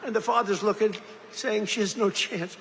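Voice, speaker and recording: A man's voice: high-pitched, steady tone, moderate pace, fairly bright tone, a little hiss or hum. An older man giving a rambling, boastful political speech with mocking asides, in a large industrial hall. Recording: echoey hall, faint crowd ambience.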